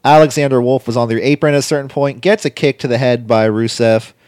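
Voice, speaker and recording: A man co-hosting a casual chat, recapping a wrestling show in a rambling way with quick impressions. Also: mid-range voice, darkish tone, dry recording, studio quality. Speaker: podcast co-host recapping wrestling.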